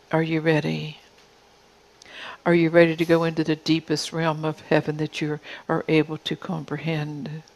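A woman's voice: low-pitched, vocal fry, darkish tone, poor audio. A woman preacher delivering a prophetic sermon in God's voice, pressing her listeners with repeated questions. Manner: insistent repeated rhetorical questions.

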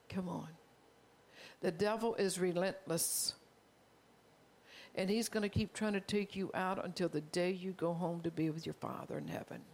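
A pastor gives a heartfelt, confessional sermon at a moderate pace, his mid-pitched voice rough with a gravelly, creaky edge. He calls out to the congregation often, and there is slight background noise.

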